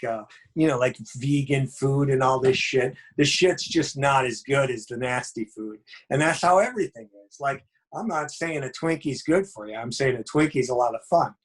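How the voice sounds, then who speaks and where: A man, a horror filmmaker guest on a podcast, telling rambling, jokey stories in casual chat. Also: mid-range voice.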